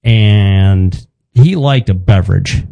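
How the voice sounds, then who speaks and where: A man in his fifties telling a family story in casual chat, wry and halting, with frequent restarts. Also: low-pitched, vocal fry, warm tone, no echo, low-quality recording. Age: 50s.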